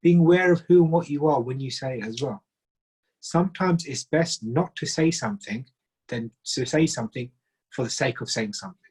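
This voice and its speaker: Husky man giving a seminar talk. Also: medium pitch, normal speed, a little mellow, low-quality recording. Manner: earnest, emphatic, listing points in short phrases. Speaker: relationship seminar speaker.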